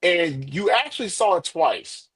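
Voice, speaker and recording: Podcast host, man, high and lively voice, steers the chat and hands off turns. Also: unhurried, slightly rough. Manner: guides the talk, hands the floor to others. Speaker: podcast host leading the segment. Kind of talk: casual chat.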